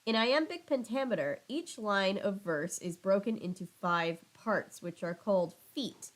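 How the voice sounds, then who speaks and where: A woman's voice: medium pitch, measured pace. A woman reading a children's book aloud with casual asides. She stumbles over words, laughs at herself and apologizes.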